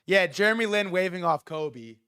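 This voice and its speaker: Excitable young man streaming, lively pitch. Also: normal speed, clear, resonant tone, dry recording, studio quality. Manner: profane, excitable, rambling. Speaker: live stream host. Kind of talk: casual live commentary.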